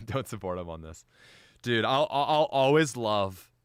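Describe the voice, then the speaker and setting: A man's voice: medium pitch, animated, unhurried, clean tone, no echo, clean studio sound. A young adult man chatting on a live stream, laughing often and talking straight to his chat. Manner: giggly, frequent laughter; chatty, addresses chat directly.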